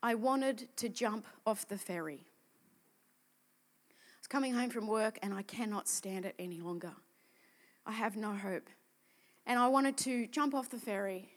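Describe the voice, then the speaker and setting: A woman speaking as a desperate middle-aged man she met, in a quiet, subdued voice. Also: fairly high pitch, unhurried, pauses often, voice pushed down, natural voice. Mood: despairing.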